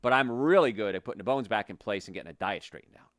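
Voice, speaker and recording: A man with a low voice hosts a health talk show as a chiropractor, speaking with blunt, passionate conviction. He gets heated and then settles back into plain explanation. The recording is dry and close, with no room sound. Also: fast, no echo. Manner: passionate, opinionated, gets worked up then calms down.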